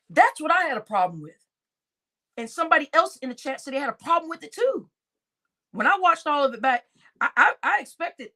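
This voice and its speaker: A woman's high voice swings up and down as she rants through livestream commentary. She is indignant and exclaiming, and she speaks straight to her viewers. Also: fairly bright tone. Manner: indignant, exclaiming, addresses chat.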